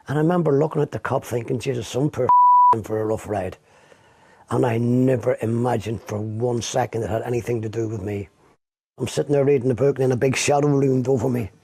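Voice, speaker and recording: A man's voice: medium pitch, steady tone, brisk, dark tone, husky, no room sound. A man giving documentary testimony about his arrest, vividly acting out what others said to him. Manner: vivid storytelling, acts out quoted speech. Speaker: interviewee recounting his arrest.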